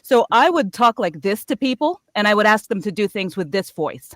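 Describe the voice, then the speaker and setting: A woman on a video call talking casually as a cast member, shifting her voice lower or higher to make her point. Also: sing-song, normal speed, dry recording. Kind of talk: casual group chat.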